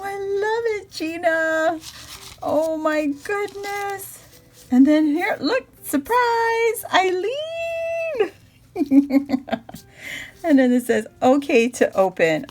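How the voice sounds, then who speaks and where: Filming on a phone camera, a woman with a fairly high, darkish voice unboxes handmade birthday crafts for her viewers. She talks casually, gushing and squealing with delight amid frequent laughter.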